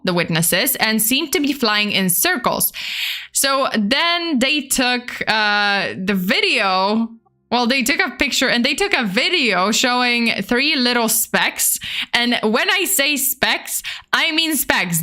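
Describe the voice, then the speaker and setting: A woman streamer talks in a bright, fairly high voice. She rambles through stories in a loose, chatty way, wanders off on tangents and corrects herself. She stops to answer messages from her chat. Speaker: VTuber streamer and host. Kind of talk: casual livestream chat about cryptids.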